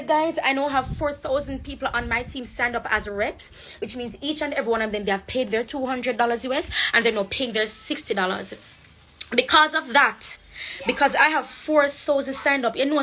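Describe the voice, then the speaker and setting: A young woman with a Jamaican accent, livestreaming a rambling, preachy sales pitch for her network marketing business. She repeats herself and slips into patois. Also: sharp tone. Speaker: live streamer promoting a network marketing business. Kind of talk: casual live-stream sales pitch.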